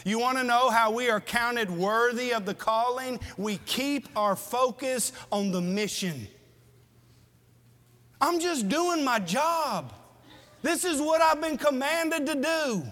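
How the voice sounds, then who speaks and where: High, bright-voiced man preaching in a hall. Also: animated, takes it slowly. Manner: earnest, questioning the listeners, plain-spoken. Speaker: pastor. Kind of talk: sermon. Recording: long reverb of a hall.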